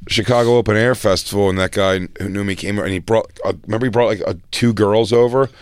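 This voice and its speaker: A man co-hosting a podcast in casual chat, swearing freely and jumping in quickly with jokes. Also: fairly low pitch, steady tone, clear, resonant tone, no room sound. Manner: laughing, profane, quick to jump in with jokes. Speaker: podcast co-host.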